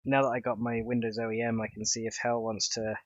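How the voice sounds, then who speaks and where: A man's voice: medium pitch, flat delivery, fast talker, no room sound, muffled recording. A man with a stuffed-up nose, chatting casually and rambling aloud with chuckles while streaming his modding work. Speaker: livestreamer and game modder. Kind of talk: casual livestream chat.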